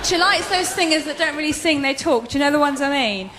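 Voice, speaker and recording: A woman doing a stand-up set, animated and wry, often mimicking other people. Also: sits high, fast talker, roomy sound, heavy background noise. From London, England. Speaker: stand-up comedian.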